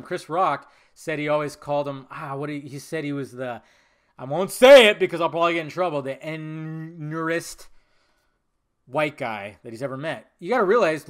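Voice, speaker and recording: A man hosting a solo podcast, talking casually and rambling, with profanity and frequent laughter. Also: on the high side. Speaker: podcast host.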